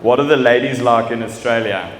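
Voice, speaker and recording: A young South African man doing live stand-up comedy, animated and full of impressions and sound effects. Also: medium pitch, fairly quick. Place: stage in a large venue. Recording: echoey hall with audience noise.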